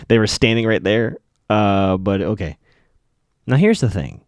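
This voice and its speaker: A man hosting a podcast, casually recapping a TV episode scene by scene with lots of fillers and quick bits of acted-out dialogue. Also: lowish voice, big pitch swings, no room sound, studio quality. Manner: chatty, loose, many fillers, acts out characters' lines in passing.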